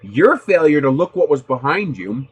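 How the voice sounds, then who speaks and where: A man hosting a casual livestream, his voice sitting a bit high and swinging widely in pitch. He tells loose, profane stories and laughs easily between remarks. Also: big pitch swings, moderate pace, breathy edge. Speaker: host of a 3D printing livestream. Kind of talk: casual livestream chat answering viewers.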